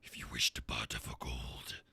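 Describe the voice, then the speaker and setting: A man voicing an ancient golden dragon in a tabletop game, speaking in a gravelly, breathy growl with slow, formal aloofness. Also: pushed and bright, in a whisper. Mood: aloof. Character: ancient hookah-smoking golden dragon, haughty.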